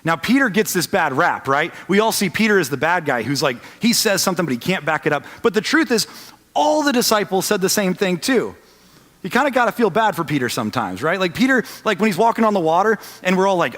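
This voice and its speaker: A man in his thirties preaching a sermon as a pastor, telling the story and swinging from loud to hushed. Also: high voice, big pitch swings, fast talker. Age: 30s. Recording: long reverb of a large hall.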